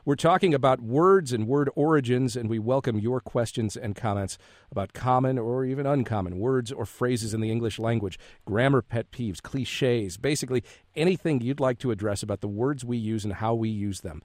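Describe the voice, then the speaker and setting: Measured male radio host, dry studio. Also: mid-range voice, a little mellow, no echo. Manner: measured, reads numbers slowly. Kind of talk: public radio hosting.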